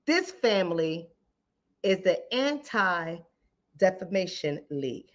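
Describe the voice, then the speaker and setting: A woman's voice: fairly low pitch, sing-song, slow, lo-fi sound. A woman relationship coach, giving emphatic, repetitive commentary straight to her viewers. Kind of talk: casual commentary to camera.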